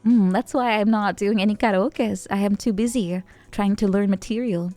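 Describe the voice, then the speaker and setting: A young adult woman streamer chatting casually with viewers, rambling and halting, with a giggly manner. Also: mid-range voice, steady tone, warm tone, soft background music. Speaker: VTuber streamer. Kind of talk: casual chat answering viewer messages.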